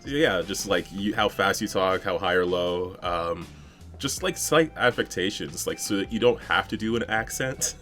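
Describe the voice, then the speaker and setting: A man co-hosting a tabletop gaming podcast, explaining ideas in a relaxed, thoughtful way. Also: deep voice, normal speed, faint music behind. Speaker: podcast co-host and game master. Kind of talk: casual podcast chat.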